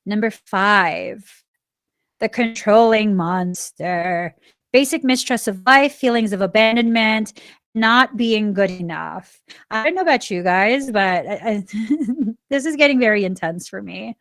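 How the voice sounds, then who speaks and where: A woman in her forties hosting a spiritual self-help podcast, talking earnestly and stressing key words, sometimes dropping to a soft, reflective tone. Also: medium pitch, a little slow, no room sound, studio quality. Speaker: podcast host.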